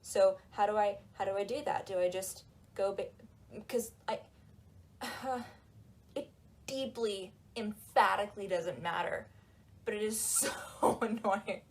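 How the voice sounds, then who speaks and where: A woman talking in a casual, animated and sarcastic way, with lots of "like"s, while she folds laundry. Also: medium pitch, a little hiss or hum. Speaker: book reviewer. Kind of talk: casual chat.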